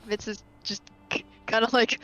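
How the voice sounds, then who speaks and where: A woman's voice: fairly high pitch, little pitch movement, moderate pace, pushed and bright, low-quality recording. A woman playing in a tabletop game, chatting casually with lots of fillers. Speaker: player. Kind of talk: casual chat.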